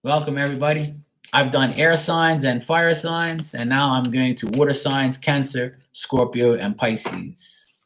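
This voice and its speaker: A man's voice: mid-range voice, measured pace, a bit bright, a little hiss or hum. A man giving a live-streamed tarot card reading, talking frankly and greeting his viewers by name.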